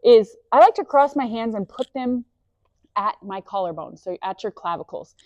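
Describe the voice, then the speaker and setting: A woman's voice: on the high side, lively intonation, moderate pace, a little mellow, no room sound, dull audio. A woman leading a guided breathing lesson, enthusiastic and encouraging, mixing body facts with faith, speaking into a clip-on mic. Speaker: breathwork instructor. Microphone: clip-on microphone.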